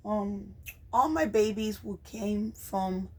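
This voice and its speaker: Woman vlogging, talks real slow, lots of ums, soft and heartfelt, mid pitch. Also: husky, poor audio. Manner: slow, hesitant, with frequent ums and restarts. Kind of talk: personal vlog talking to camera.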